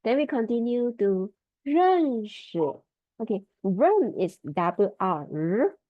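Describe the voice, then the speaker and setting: A woman leads an online Mandarin lesson, repeating each word and tone with slow patience. Her pitch swoops up and down as she models the tones. The sound is dry and muffled, like a video call. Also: sing-song, no echo. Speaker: Mandarin teacher. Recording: dull lo-fi video call audio.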